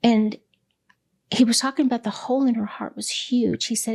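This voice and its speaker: A middle-aged woman, a hospice director, candidly telling a personal story in an interview, pausing often with fillers. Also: a little high, steady tone, vocal fry, darkish tone. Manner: candid and reflective, with many pauses and fillers.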